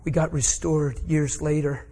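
A middle-aged man delivers a sermon in a slightly higher voice. He tells a personal story, his voice swelling and breaking with emotion. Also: flat delivery, a little slow, mellow. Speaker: preacher.

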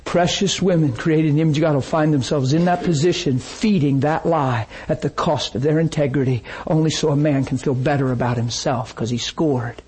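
A man's voice: on the high side, brisk, few pauses, husky, rough recording. A man preaching a sermon in a church, telling stories and acting out the voices in them. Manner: animated storytelling, acts out quoted voices. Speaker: pastor.

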